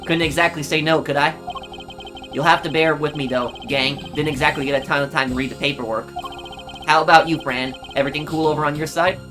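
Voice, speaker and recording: A man's voice: on the high side, steady tone, brisk, close to an everyday voice. A laid-back male lawyer who tosses off slang and nicknames, as a man reads him, loose and folksy. Game music sits under the voice. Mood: breezy. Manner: folksy, wisecracking, drawling. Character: breezy slangy male defense attorney.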